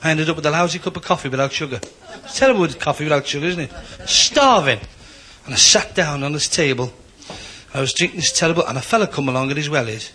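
A man's voice: fairly high pitch, lively intonation, quick pace, a crowd in the background. A man telling a rueful stand-up anecdote in a confiding way. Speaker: comedian. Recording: live club with audience laughter.

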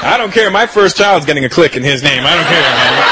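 A man's voice: on the high side, brisk. A young man performing a stand-up comedy set, telling stories and slipping into character voices. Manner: animated storytelling with put-on character voices. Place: comedy venue with live audience. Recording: live show with loud audience laughter and noise.

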